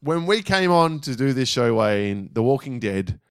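A man's voice: medium pitch, very animated, normal speed, smooth, dry recording, clean studio sound. A man co-hosting a podcast in casual chat, wry and laughing often. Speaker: podcast co-host.

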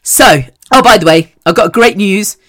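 A woman hosting a podcast, talking casually and telling animated stories with frequent laughs. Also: medium pitch, moderate pace. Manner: chatty, animated storytelling; laughs often. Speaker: podcast host. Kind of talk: casual chat.

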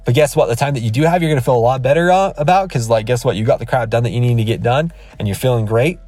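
A man's voice: mid-range voice, quick pace, a little mellow, no room sound, soft background music. A man in his thirties, a podcast host, giving an emphatic, rambling motivational rant from his car, recorded on a phone. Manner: emphatic, repetitive, rambling with restarts. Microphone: iPhone.

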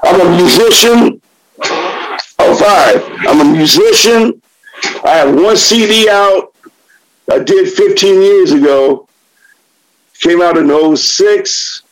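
Blunt, profane man, high and unhurried. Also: low-quality recording. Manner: blunt, profane, impassioned, preachy. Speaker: recovering alcoholic sharing at a meeting. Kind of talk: spoken share.

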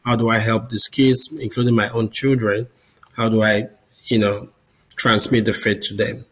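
A man appearing as a podcast guest, a Catholic business founder, tells his personal testimony earnestly and conversationally, often repeating words. His voice is lowish and fairly bright with little pitch movement, at normal speed, on a rough recording.

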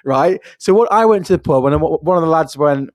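A man's voice: on the high side, fairly quick, no room sound, studio quality. A middle-aged man co-hosting a casual podcast, telling stories animatedly and acting out pub banter. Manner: animated storytelling, acts out pub banter in quoted voices. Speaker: podcast co-host.

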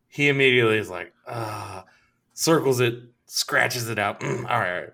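A young adult man casually telling a profane story, acting out both sides of the conversation with lively quoted voices. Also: mid-range voice, moderate pace, vocal fry.

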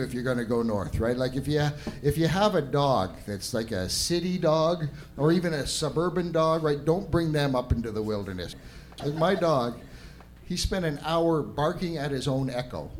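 A man's voice: a little high, noisy background. A middle-aged Canadian man doing a stand-up set, rambling and self-deprecating, tagging lines with "right?". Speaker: stand-up comedian. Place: live comedy venue with audience laughter.

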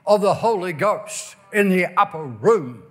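High-voiced preacher shouting emphatically. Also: male voice, animated. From Ireland. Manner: emphatic, drawn-out stresses, bursts of shouting and sing-song phrasing. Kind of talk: revival sermon.

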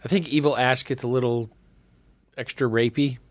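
A man's voice: medium pitch, fairly even intonation, moderate pace, no room sound. A man in his forties co-hosting a casual movie chat podcast, wry and conversational. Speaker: podcast co-host.

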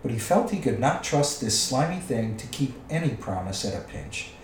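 A man reading a storybook aloud with expressive storytelling. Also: mid-range voice, moderate pace, recorded from a distance, a little hiss or hum. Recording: echoey room, away from the mic.

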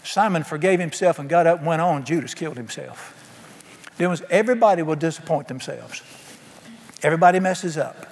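A man's voice: on the high side, expressive, fairly quick, gravelly. A man preaching a sermon emphatically, asking his congregation questions. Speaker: pastor. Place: church sanctuary. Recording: long hall reverb.

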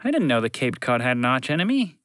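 A man's voice: mid-range voice, big pitch swings, fast, a bit bright, clear, resonant tone, dry recording, clean studio sound. A man voicing curious children who keep interrupting a story with nitpicking questions. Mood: questioning. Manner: inquisitive, pestering questions.

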